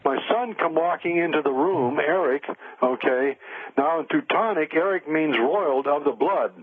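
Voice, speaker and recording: Older man, rambling storyteller, fairly high voice, dry tinny phone sound. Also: moderate pace, dry recording. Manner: rambling, many fillers and restarts. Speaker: guest, spiritual counselor. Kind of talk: storytelling in a radio interview.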